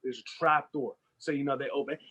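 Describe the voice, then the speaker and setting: A man's voice: mid-range voice, brisk, a crowd in the background, low-quality recording. A man co-hosting a podcast, casually telling a made-up movie plot and acting out the characters' lines. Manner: animated, acts out characters' lines. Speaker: podcast co-host. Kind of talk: casual storytelling chat.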